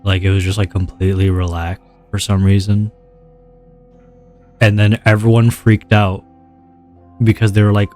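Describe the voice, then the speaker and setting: A male streamer talks loosely to his viewers in a lowered, laid-back voice that sits on the deep side. He rambles and restarts his sentences often, with soft music playing faintly behind him. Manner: deliberately relaxed low voice, rambling with repeated restarts. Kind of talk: casual livestream chat.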